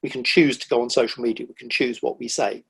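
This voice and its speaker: A middle-aged man, a guest on a podcast, telling animated stories about the wildlife he sees, with lively quoted asides. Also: mid-range voice, quick pace, gravelly, breathy edge. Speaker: guest, nature writer. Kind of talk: casual conversational interview.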